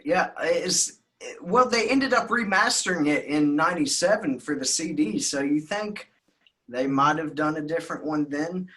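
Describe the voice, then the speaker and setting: A man's voice: fairly high pitch, normal speed, sharp tone. A man with a Southern US accent hosting a podcast in casual chat, loose and rambling, swearing freely. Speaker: podcast host.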